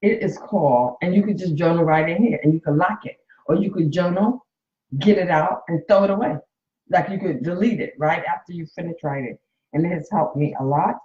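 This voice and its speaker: Speaking briskly in a fairly low, slightly mellow voice, this late-fifties coach and nurse chats casually with viewers on a phone live stream. She's candid and emotional, addressing them directly, and the audio is roomy and a bit muffled.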